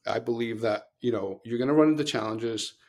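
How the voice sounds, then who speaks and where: A man's voice: medium pitch, a little fast, a little mellow. A middle-aged man co-hosting a podcast, telling long earnest stories in casual chat with many restarts. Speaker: podcast co-host.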